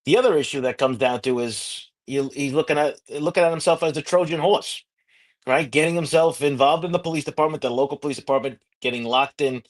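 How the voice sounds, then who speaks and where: A man's voice: on the high side, fairly quick. Plain-spoken former detective, a man. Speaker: former homicide investigator, podcast host. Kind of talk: casual podcast discussion.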